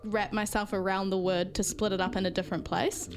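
A woman's voice: medium pitch, level tone, fairly quick, soft background music. A woman co-hosting a radio chat, curious and thinking aloud.

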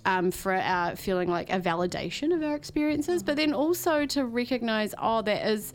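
A woman's voice: fairly high pitch, lively intonation, moderate pace. Chatty New woman hosting radio. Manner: effusive, chatty, rambling restarts. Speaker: radio host. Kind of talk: studio interview. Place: radio studio.

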